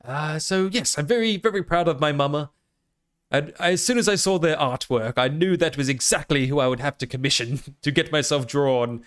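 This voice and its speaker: A man's voice: on the high side, moderate pace. An Australian man chatting casually on a live stream, rambling and self-amused with plenty of fillers. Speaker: VTuber streamer.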